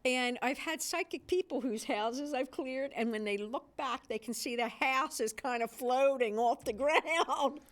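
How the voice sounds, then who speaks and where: A woman with a fairly high voice who chats casually and often laughs. She talks about her spiritual practice at a round table in a studio. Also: a little slow, few pauses.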